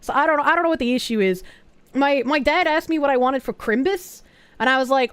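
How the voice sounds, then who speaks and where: Brief: high-pitched woman streamer, excitable, foul-mouthed, dry close sound. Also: brisk, no room sound. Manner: excitable, swears freely, reads chat aloud. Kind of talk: casual live-stream chat.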